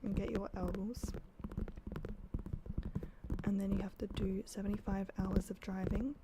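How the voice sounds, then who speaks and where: A woman's voice: mid-range voice, level tone, measured pace, heavy background noise. A young Australian woman from South Australia, chatting casually on a livestream, laughing often and swearing offhand. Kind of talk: casual chat. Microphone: desk mic.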